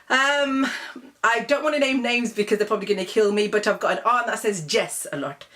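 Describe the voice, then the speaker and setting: A woman chats to camera in a casual comic video blog. She sounds amused and rambling, full of ums, and her voice sits a little high. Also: moderate pace, fairly bright tone. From England. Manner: chatty and amused, many ums, laughs at her own examples. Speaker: vlogger.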